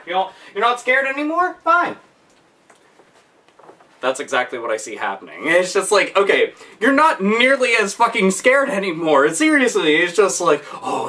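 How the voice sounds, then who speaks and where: Male gaming vlogger, animated profane rant, bright and lively voice. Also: high-pitched. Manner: animated, heavy swearing. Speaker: video game commentator.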